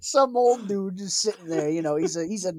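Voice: mid-range voice, a little fast, darkish tone, dry recording, studio quality. A speaker casually retelling a bar story with a friend, laughing often and acting out the people involved.

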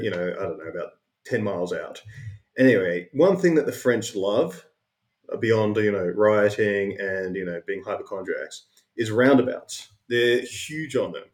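A man's voice: fairly low pitch, darkish tone. A man hosts a casual interview podcast. He drifts through a long story with plenty of fillers and restarts. His voice carries a noticeable room echo. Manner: rambling anecdotes with many fillers. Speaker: podcast host. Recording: roomy echo.

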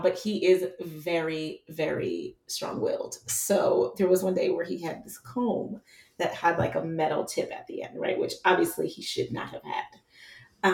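A woman's voice: lowish voice, vocal fry, echoey room, far from the mic. A woman guest, a mother of a toddler, talking in a chatty way with lots of fillers. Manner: chatty, frequent fillers, animated storytelling. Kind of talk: casual chat.

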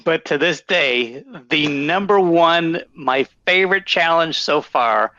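A man's voice: fairly high pitch, expressive, takes it slowly, bright, forceful tone, dry recording. A man co-hosting a podcast in an upbeat, punchy, casual way, on a dull, dry recording. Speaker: podcast co-host. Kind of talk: casual storytelling chat.

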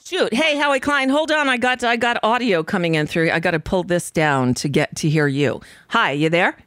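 A woman's voice: medium pitch, normal speed, a bit bright, soft background music. A woman hosting a political talk radio show, ranting angrily with profanity.

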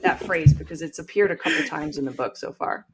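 A woman's voice: low voice, fairly quick, crowd noise. A woman hosting a podcast, reading aloud from a book with wry asides and frequent laughs. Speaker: podcast host.

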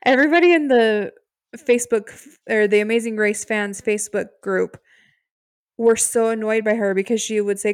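A woman co-hosting a podcast talks in relaxed, casual chat. She laughs often as she speaks, at a medium pitch. The mic is close and the audio is dry. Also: normal speed, clean tone, no echo. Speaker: podcast co-host.

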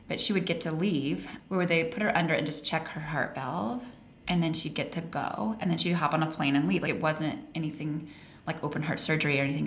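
A woman in her forties from Colorado, telling personal stories as a podcast guest in an animated way that laughs through the telling. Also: deep voice. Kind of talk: casual storytelling interview. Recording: roomy echo, faint hiss.

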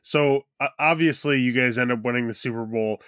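A man's voice: mid-range voice, fairly quick, fairly bright tone, dry recording, clean studio sound. A man hosting a podcast, asking loose, rambling interview questions in a casual way. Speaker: podcast host.

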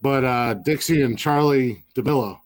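This podcast co-host tells a story in a loose, rambling way, full of fillers and restarts, and acts out the lines of the people in it. His voice is medium in pitch and his pace moderate. The audio quality is poor.

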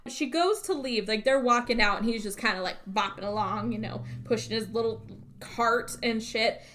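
A woman's voice: a little high, normal speed, a bit bright. A woman co-hosting a podcast, casually retelling a film's plot with lots of "like" and frequent swearing. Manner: swears freely, rambling retelling with many fillers. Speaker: podcast co-host. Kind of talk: casual movie recap.

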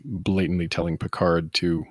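A man with a very low, slightly husky voice talks casually on a podcast, rambling from point to point and riffing with animated asides. The sound is dry and close, with no room around it. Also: normal speed, dry recording. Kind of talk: casual chat.

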